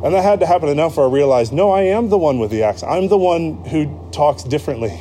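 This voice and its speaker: A man's voice: a little high, animated, fast, dark tone, slight background noise. An American man preaching a sermon in a conversational way, with frequent ums and self-corrections. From United States. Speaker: pastor.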